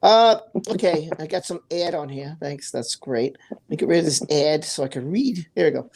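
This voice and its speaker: A woman's voice: low voice, expressive, normal speed, darkish tone, slight background noise. Chatty New York woman hosting a livestream. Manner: chatty, reads viewer comments aloud, laughs easily. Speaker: host. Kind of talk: casual livestream chat.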